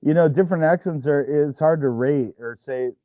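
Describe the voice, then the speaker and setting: A man's voice: on the high side, moderate pace, no room sound. An easygoing man with an American West Coast accent talks loosely in a casual livestream chat, trailing off and hedging as he goes. The recording is dry and dull, like voice-chat audio with no room sound. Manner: easygoing, rambling, hedges with "you know". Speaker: livestream guest.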